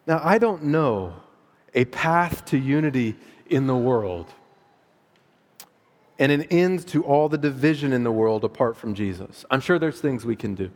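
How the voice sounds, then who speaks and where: A middle-aged man preaching a sermon in a conversational, animated way, laughing at his own asides. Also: mid-range voice. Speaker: pastor. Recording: long hall reverb.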